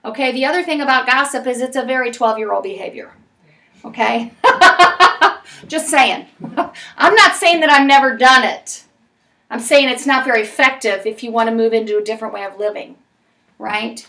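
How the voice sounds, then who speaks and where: A woman's voice: fairly high pitch, moderate pace, pushed and bright, far from the mic. A woman leading a parenting class for people in recovery, talking frankly and emphatically with many tag questions. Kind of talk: recovery group lesson. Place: meeting room with group.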